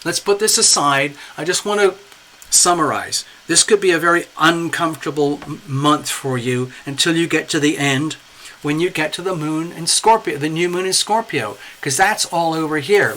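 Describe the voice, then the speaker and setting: A man rambles through a live tarot stream, tossing in "okay?" and "you know" as he goes. His voice sits a little high and comes across bright and forceful. A faint hum of noise runs under the recording. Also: normal speed. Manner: chatty, rambling, greets viewers by name. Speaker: tarot reader.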